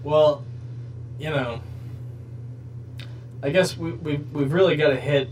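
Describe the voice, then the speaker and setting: A man's voice: a little high, takes it slowly, pauses often, a little mellow, distant mic, a little hiss or hum, low-quality recording. A man hosting a podcast, rambling through crude comedic bits in casual chat. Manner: jokey, rambling, crude humor. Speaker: podcast host.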